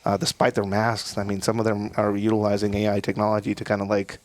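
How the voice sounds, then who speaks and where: A man talking as a podcast guest in a measured, hesitant way with many fillers. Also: on the low side, completely flat delivery, no echo. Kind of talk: casual conversation.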